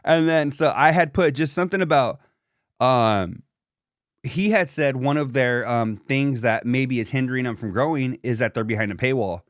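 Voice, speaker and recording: A man's voice: medium pitch, normal speed, dry recording, clean studio sound. A young man co-hosting a podcast, telling a rambling, profane story in casual chat, full of fillers and asides. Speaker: podcast co-host.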